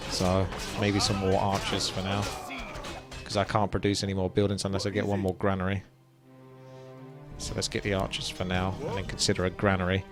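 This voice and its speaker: Young man, low-set voice, casual strategy commentary over clear game music. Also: completely flat delivery, fairly quick. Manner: chatty, explains strategy while playing. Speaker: gameplay commentator.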